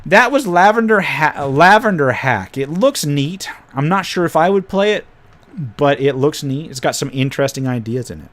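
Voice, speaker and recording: A man's voice: fairly high pitch, lively intonation, moderate pace, fairly bright tone. A man hosting a casual live stream, thinking aloud as he pages through tabletop game files and drops wry asides. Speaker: host reviewing tabletop game PDFs.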